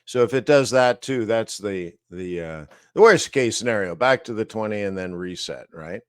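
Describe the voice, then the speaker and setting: A man teaching trading live, walking through price charts slowly, thinking aloud with fillers and asides. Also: fairly low pitch, lively intonation, clear, resonant tone, no echo, studio quality. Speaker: trading educator.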